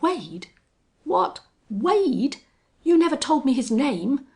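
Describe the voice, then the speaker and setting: A woman voicing a fearful, blustering male rustler leader in an audiobook reading, shouting in rough frontier talk. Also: sits high, very animated, slow, pitched above the performer's own voice, heavily acted. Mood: frightened, blustering.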